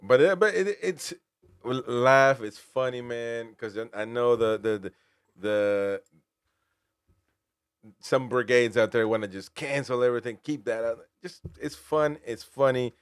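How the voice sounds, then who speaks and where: Smooth-voiced man hosting casual football talk. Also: mid-range voice, a little slow, no echo, clean studio sound. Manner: rambling with restarts, says "man". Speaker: host.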